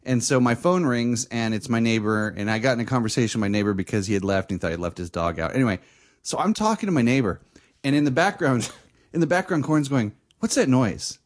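A man casually telling a funny story on a podcast, jumping high when he imitates someone. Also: quick pace. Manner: animated, shrieks when mimicking his girlfriend. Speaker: podcast co-host.

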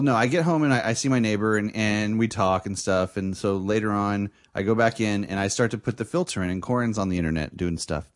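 A man casually telling a funny story on a podcast, jumping high when he imitates someone. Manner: animated, shrieks when mimicking his girlfriend. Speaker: podcast co-host.

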